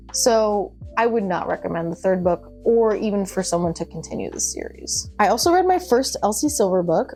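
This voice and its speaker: Young adult woman, casual book vlogger, gushy and chatty, medium pitch, faint music bed. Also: creaky, warm tone. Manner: chatty and gushing, with laughs and asides. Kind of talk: casual chat.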